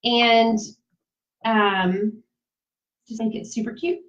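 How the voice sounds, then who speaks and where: A woman's voice: fairly high pitch, steady tone, slow, fairly bright tone. A woman giving a casual live craft demonstration, chatty, laughing easily and talking straight to her viewers. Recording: dull lo-fi sound.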